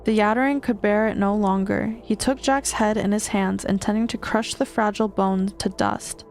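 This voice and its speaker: Gravelly-voiced woman reading horror aloud. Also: mid-range voice, moderate pace, faint music behind. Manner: steady reading with small stumbles and restarts. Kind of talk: reading a novel aloud on stream.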